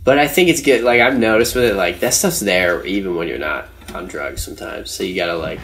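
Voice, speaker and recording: A man's voice: low-pitched, brisk, a bit bright. A young man telling a rambling story in casual podcast chat, with lots of slang and fillers. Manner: rambling, slangy, says "dude" and "like" often.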